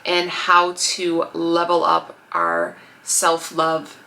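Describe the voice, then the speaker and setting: Bright-voiced woman in her 30s doing a pep talk vlog, animated, kinda preachy, talking right at you. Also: fairly low pitch, very slow, vocal fry. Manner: animated, preachy, speaks directly to the viewer. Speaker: lifestyle vlogger. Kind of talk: motivational vlog talk to camera.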